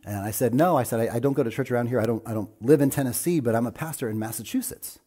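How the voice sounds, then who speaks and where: A male pastor preaching a sermon, his voice husky and mellow. He talks earnestly and presses hard on his key points. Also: mid-range voice, rapid-fire.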